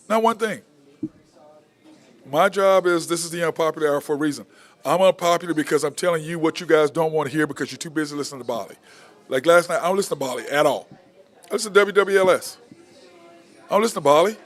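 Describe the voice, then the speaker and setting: Blunt, fired-up male sports talk host. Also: on the high side. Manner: blunt, fired-up ranting with repeated phrases. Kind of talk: opinionated sports talk monologue.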